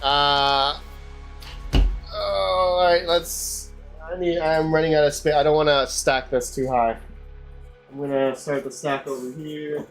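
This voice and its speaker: A man's voice: on the high side, steady tone, takes it slowly, soft background music. A man hosting a casual livestream, chatting to viewers as he tests hardware. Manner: chatty, talks to viewers while working on hardware. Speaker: livestream host.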